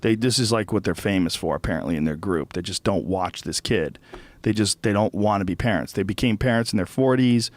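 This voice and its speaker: A man's voice: on the low side, fairly quick. A middle-aged man hosting a podcast, telling a story as a casual, profane rant that gets heated and repetitive. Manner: profane, heated, repeats himself when worked up. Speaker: podcast host.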